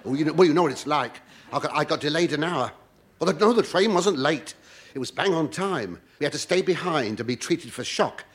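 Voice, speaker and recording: Camp theatrical comedian. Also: male voice, a little high, expressive, a little fast. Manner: camp, theatrical, mock-indignant. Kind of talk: stand-up comedy monologue. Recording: noisy old broadcast recording.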